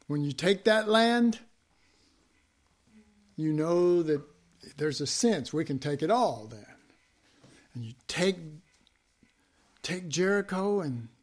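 A man preaching a sermon, swinging from hushed whispers to loud emphasis, with folksy, chuckling asides. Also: on the high side.

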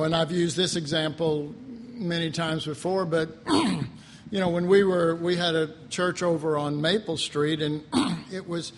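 An older man, a pastor, preaching a sermon in a folksy storytelling manner, often clearing his throat and chuckling. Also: high voice, a little hiss or hum. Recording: long hall reverb.

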